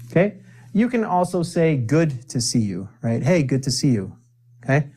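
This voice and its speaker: A man teaching spoken English, drilling phrases for the viewer to repeat, with deliberate pauses and playful asides. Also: a little high, sing-song, mellow, slightly rough.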